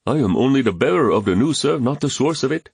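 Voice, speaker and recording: A man's voice: medium pitch, expressive, fast, creaky, darkish tone, husky, dry recording, pitched above the performer's own voice. Man doing a nervous loyal henchman in an audiobook, polite and careful, dry sound. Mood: deferential. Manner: careful, respectful. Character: loyal, deferential male henchman.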